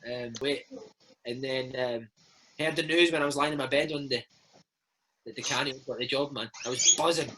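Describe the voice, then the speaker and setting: A Scottish man in his thirties, a former footballer, telling animated stories in a casual interview and slipping into impressions. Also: mid-range voice, moderate pace, pauses often, noisy background. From Scotland. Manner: animated storyteller, slips into impressions of his old coach.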